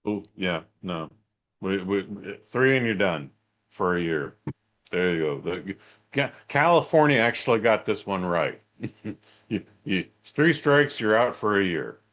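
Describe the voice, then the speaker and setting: A man's voice: fairly low pitch, lively intonation, a little slow, fairly bright tone. A middle-aged man co-hosting a podcast in laid-back, joking banter. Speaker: podcast co-host. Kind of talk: casual chat.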